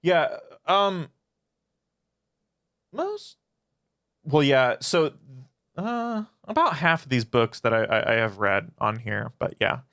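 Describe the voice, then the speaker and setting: A man's voice: fairly high pitch, sing-song, slow pace, long pauses, fairly bright tone, no room sound, studio quality. A man casually answering chat questions on a livestream, swearing often and rambling through his answers. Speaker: philosophy channel streamer.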